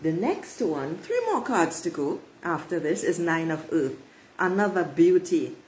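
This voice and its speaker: A woman's voice: lowish voice, sing-song, a little slow, darkish tone, slight background noise, rough recording. A woman giving a spiritual oracle card reading to her viewers. She speaks emphatically and repeats her affirmations. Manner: emphatic, repeats affirmations, addresses listeners as beautiful souls.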